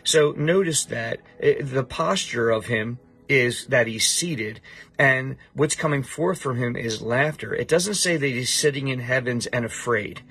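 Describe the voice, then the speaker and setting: A man's voice: medium pitch, measured pace, a bit bright, slightly rough. A middle-aged man teaching a Bible passage to a student, emphatic and repeating his points.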